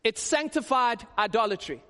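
A male pastor giving a conversational, animated sermon with quick asides. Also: very high voice. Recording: long hall reverb.

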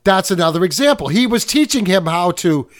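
A male podcast co-host talking casually in a fairly high voice. He rambles, corrects himself on the fly and reaches for movie references to make his points. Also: very animated, a little fast. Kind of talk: casual chat.

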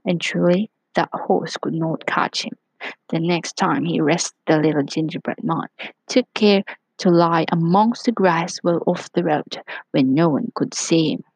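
A woman's voice: low-pitched, unhurried, a little mellow, breathy edge, no echo, poor audio. A woman narrating a children's storybook aloud, dropping into whispers for suspense.

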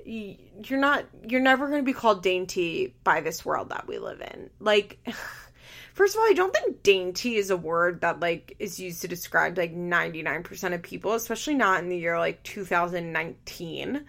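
Opinionated woman with vocal fry. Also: lowish voice, animated, moderate pace, fairly bright tone. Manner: blunt, opinionated, heavy use of "like" fillers. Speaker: podcast host recapping a reality show. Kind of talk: casual chat.

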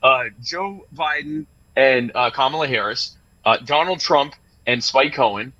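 A man telling stories in a casual podcast chat, animated and joking. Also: medium pitch, a little slow, highs cut off, a little hiss or hum. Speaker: former vice presidential candidate.

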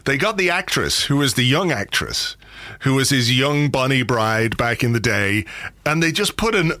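Bright, dry-sounding chatty male podcast host. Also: mid-range voice, sing-song, normal speed, no echo. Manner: chatty, jokey storyteller. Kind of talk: casual chat.

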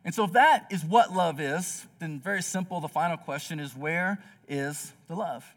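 A man's voice: fairly high pitch, moderate pace, recorded from a distance. A young man preaching a sermon as pastor of a church, telling stories with many "like" fillers. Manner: earnest storytelling with many "like" fillers.

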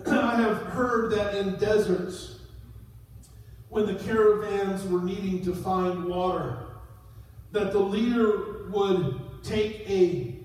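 A middle-aged man preaching a sermon as a pastor, dropping low and then rising to sudden shouted peaks. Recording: echoey hall, voice from far off.

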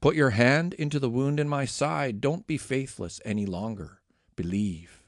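A man voicing a gentle, calm teacher. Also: mid-range voice, normal speed, dry recording, clean studio sound, lightly acted.

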